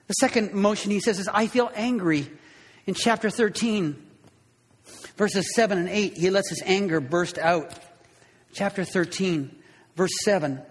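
A man preaching a sermon as a pastor, impassioned, swinging between loud bursts and hushed, quiet lows. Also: unhurried, breathy edge, big-room sound.

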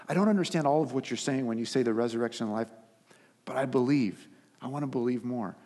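A pastor delivers a sermon in an average-pitched male voice, earnest and steady. He builds emphasis through repeated phrases, then softens for quoted lines. The sound rings with the long reverb of a large hall. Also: quick pace.

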